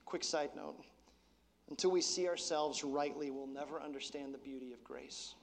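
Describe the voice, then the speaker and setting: High-voiced pastor preaching in a hall. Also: male voice, fairly even intonation, normal speed, vocal fry. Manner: conversational preaching, drops to soft intensity. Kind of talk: sermon.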